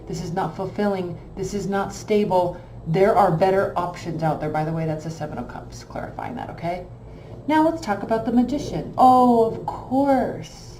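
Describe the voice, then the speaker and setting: A woman's voice: medium pitch, dark tone, reverberant, a little hiss or hum, rough recording. Blunt, emphatic woman reading tarot. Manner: blunt, emphatic, repeats phrases for stress. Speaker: tarot reader.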